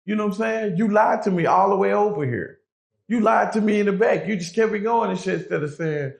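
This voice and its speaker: A man's voice: high voice, expressive, fairly quick, creaky. A man telling his own prison story in a casual interview, swearing freely and acting out the voices of the people he quotes. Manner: profane, acts out quoted voices. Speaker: guest recounting prison story.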